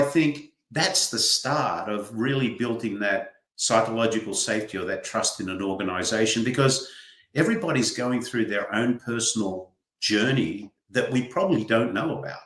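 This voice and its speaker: Older man, Australian accent, earnest, steady, roomy echo. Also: fairly low pitch, moderate pace. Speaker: guest author. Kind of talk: livestream interview.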